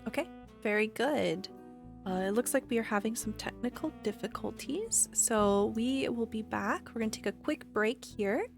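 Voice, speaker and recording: A woman running a tabletop game as game master, narrating in a calm, measured way. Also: on the high side, gravelly, faint music behind.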